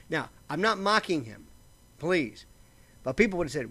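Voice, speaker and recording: A man with a bright, forceful voice that leaps up and down as he talks. He rambles and restarts his sentences in a casual monologue to camera, sipping coffee now and then. It was recorded in a bare-bones home setup, and his voice sits a touch higher than most men's. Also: normal speed. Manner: rambling and animated, frequent restarts; slurps coffee while talking. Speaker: vlogger.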